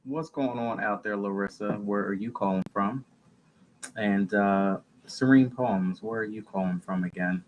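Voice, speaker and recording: A man from New Jersey hosting a live podcast, relaxed and conversational. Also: lowish voice, a little slow, lo-fi sound, a little hiss or hum. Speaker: podcast host.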